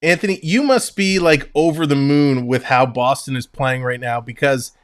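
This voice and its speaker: A man's voice: mid-range voice, normal speed, clean tone, no echo, clean studio sound. A man hosting a live hockey stream, reading stats and chatting with guests in an upbeat, joking way. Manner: upbeat play-by-play, reads stats, jokes. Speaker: stream host.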